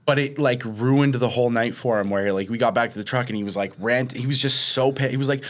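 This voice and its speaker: Chatting on a podcast he co-hosts, a man tells a story at a brisk clip with few pauses. His pitch is medium, and he raises his voice to perform the quoted lines.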